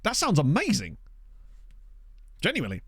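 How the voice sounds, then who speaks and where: A man's voice: fairly high pitch, huge pitch swings, normal speed, fairly bright tone, slightly rough, dry recording, clean studio sound. A man chatting casually with his live-stream viewers and answering their messages in a playful, talkative way. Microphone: desk condenser mic.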